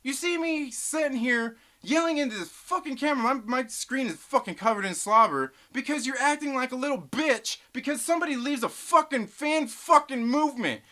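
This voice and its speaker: Bright-voiced male streamer, foul-mouthed, heated rant to chat. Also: animated, normal speed, hardly any pauses. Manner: swearing, ranting, heated; swings between loud outbursts and low muttering. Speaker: live stream host. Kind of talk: profane live stream rant, reading chat.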